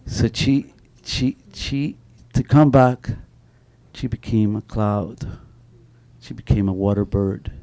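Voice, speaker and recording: A man's voice: on the low side, slow, warm tone. A middle-aged man speaking on an author panel, telling stories animatedly with many restarts and a repeated "you know.". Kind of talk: panel talk with spoken storytelling.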